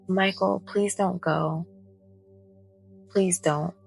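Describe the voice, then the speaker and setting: A woman reading the lines of a tearful nine-year-old girl who pleads not to be left, in a soft-spoken bedtime story. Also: on the low side, steady tone, very slow, gravelly, faint music behind, heavily acted. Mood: pleading.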